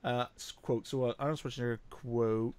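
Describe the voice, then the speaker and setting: A man's voice: mid-range voice, fairly even intonation, a little fast, a little mellow, smooth, dry recording. A man co-hosting a live podcast, chatting playfully with a lot of laughing and restarts. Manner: giggly, playful, rambling with restarts. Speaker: podcast co-host. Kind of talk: casual chat.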